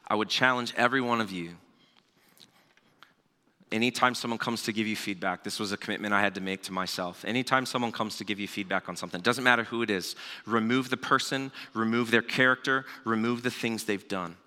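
Lowish bright-voiced man preaching in a hall. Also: fairly quick. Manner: conversational storytelling with asides. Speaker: pastor. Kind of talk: sermon. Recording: long hall reverb.

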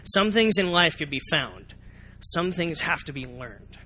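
A man preaches a sermon from the front of a church. His voice sits a little high and sounds bright and forward. He keeps things lively, putting questions to the congregation and acting out their reactions. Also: unhurried. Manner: animated, asks the congregation questions, acts out reactions. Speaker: pastor. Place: church sanctuary.

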